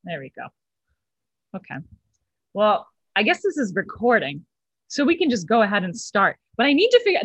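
A woman's voice: mid-range voice, moderate pace, long pauses, husky, dry recording, low-quality recording. Chatty self-mocking nineteen-year-old woman. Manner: chatty, self-mocking, exaggerated deadpan bragging. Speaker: comedy club host. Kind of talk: casual chat and stand-up set. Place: at home on a video call. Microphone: laptop mic on a video call.

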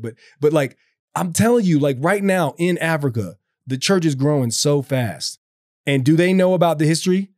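A man's voice: fairly high pitch, a little mellow, no room sound, studio quality. A man talking earnestly about his faith in a casual conversation, rambling with many restarts and fillers. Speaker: guest speaking about faith.

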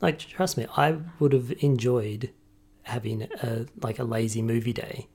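A woman co-hosting a casual couple's podcast, tired and low-key, speaking in a measured way. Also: a little mellow, slightly rough. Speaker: podcast co-host.

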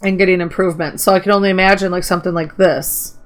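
A woman's voice: on the low side, fairly even intonation, quick pace. A woman co-hosting a casual gaming podcast, chatty, reading out mod notes and asking guests questions. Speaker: podcast co-host.

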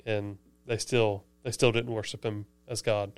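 On this church podcast, a staff co-host discusses a sermon in a relaxed, eager way, adding asides to his explanations. His voice is on the low side and a little slow, with little pitch movement and a clear, resonant tone in a dry recording.

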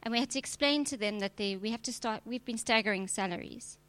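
A woman's voice: a little high, quick pace, a bit bright. A woman preacher, giving a direct, emphatic sermon with touches of humor. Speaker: preacher and church leader.

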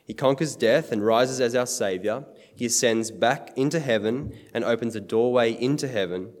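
A man's voice: mid-range voice, moderate pace, long reverb tail. A man preaching a sermon in an earnest, emphatic way, quoting scripture.

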